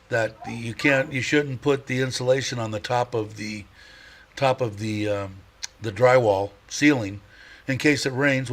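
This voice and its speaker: A middle-aged man hosting a casual livestream, rambling and chatty, laughing often and stopping to restart his sentences. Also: medium pitch. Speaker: livestream host.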